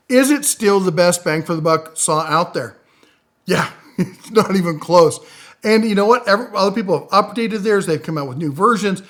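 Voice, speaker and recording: A middle-aged man giving a casual, rambling tool rundown, enthusiastic, with loudness and pitch that jump around as he talks. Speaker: tool reviewer.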